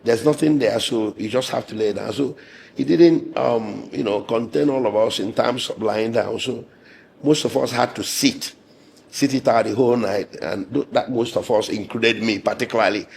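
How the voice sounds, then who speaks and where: A man with a hoarse, gravelly voice recounts his account in an interview. He speaks in a low register, measured and indignant, pausing often with fillers. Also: a little hiss or hum. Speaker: lawyer and interviewee.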